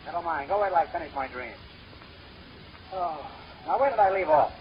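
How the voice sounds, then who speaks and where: An actor playing a fast-talking male con man who fires off deadpan puns and wisecracks, in 1930s radio comedy. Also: a little high, highs cut off, close to an everyday voice. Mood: wisecracking. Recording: scratchy, hissy 1930s radio recording.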